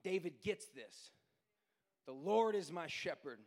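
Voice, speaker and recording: Brief: male preacher, sermon in a church hall, long reverb, rises from soft retelling to sing-song shouting. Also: on the high side, expressive, slow pace. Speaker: pastor. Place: church sanctuary.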